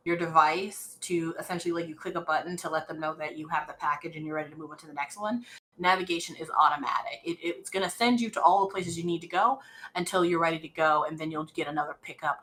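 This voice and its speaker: A woman running a tabletop role-playing game as game master, narrating slowly with many fillers and restarts. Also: fairly low pitch, pushed and bright, rough recording.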